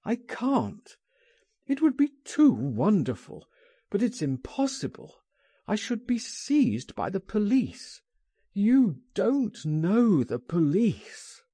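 A man's voice: mid-range voice, big pitch swings, slow pace, dark tone, breathy edge, no room sound, full character voice. A man reading an audiobook, voicing a frightened, despairing man who dreads arrest and speaks in a pleading, trembling way. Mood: anguished. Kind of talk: audiobook character voice.

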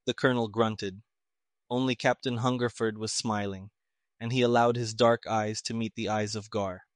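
A man narrating an audiobook in a steady, plain storytelling manner. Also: on the low side, normal speed, no room sound, studio quality.

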